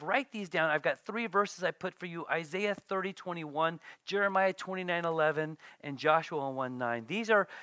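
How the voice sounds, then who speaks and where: Animated preaching man, bright dry voice. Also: on the high side, no echo. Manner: animated, acts out quotes with sudden loud bursts and soft whispers. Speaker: pastor. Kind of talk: sermon.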